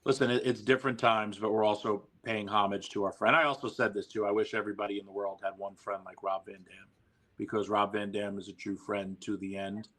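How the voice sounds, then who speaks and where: A man's voice: lowish voice, fairly even intonation, brisk, a bit bright. A man guesting on a podcast, telling stories animatedly, acting out quoted lines and swearing freely. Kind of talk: casual storytelling.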